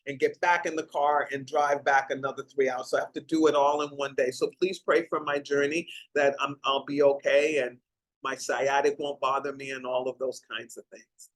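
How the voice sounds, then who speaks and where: A woman's voice: lowish voice, rough recording. An older woman hosting a heartfelt talk show, speaking in an emotional way and stretching out her words. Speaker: host.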